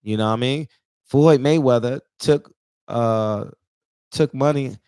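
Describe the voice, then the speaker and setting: A man's voice: mid-range voice, measured pace, a little mellow, clean tone, no echo, clean studio sound. A man in his forties, emotional and near tears, delivering an emphatic, preachy casual monologue that repeats points for emphasis. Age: 40s. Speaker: barbershop talk show regular.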